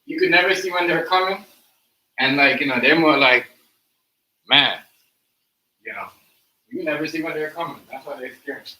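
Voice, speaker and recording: A man's voice: a little high, moderate pace, long pauses, sharp tone. A man hosting a live stream, talking loosely and repeating himself while he speaks straight to his viewers. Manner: loose, repetitive, talks to viewers directly. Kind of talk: casual livestream commentary. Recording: echoey room, far from the mic, faint noise.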